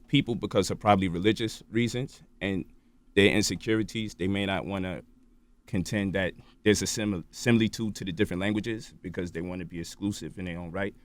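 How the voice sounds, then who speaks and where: A man, a radio show guest, explaining at length in a lecturing way and checking in with "right?" and "you feel me?". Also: on the low side. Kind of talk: lecturing interview talk. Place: radio studio.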